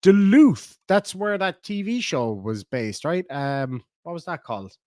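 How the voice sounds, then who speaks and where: Reading live comments aloud, a middle-aged Irish host rambles and jokes chattily on his stream. His slightly mellow voice is on the high side, swings widely in pitch, and moves a little slowly. The sound is dry and studio quality.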